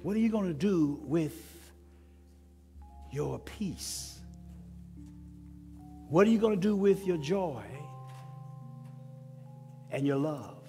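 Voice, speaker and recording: A man's voice: on the high side, animated, slow pace, pauses often, mellow. A male pastor, preaching a sermon in repeated rising questions that swell and fall. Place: church sanctuary. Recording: long church reverb with music. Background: instrumental music.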